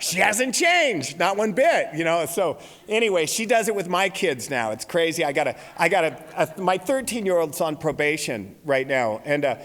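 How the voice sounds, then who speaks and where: This man, in his forties, has a high, fairly bright voice as he delivers comic storytelling at a recovery meeting, laughing at his own lines. He is in a large convention hall, and the recording echoes with its reverb.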